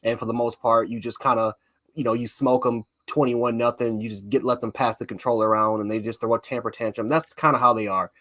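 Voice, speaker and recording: A man from Buffalo, New York, co-hosting a casual sports talk show, excitable and rambling. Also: mid-range voice, fairly quick, dry recording. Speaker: co-host, fan panelist.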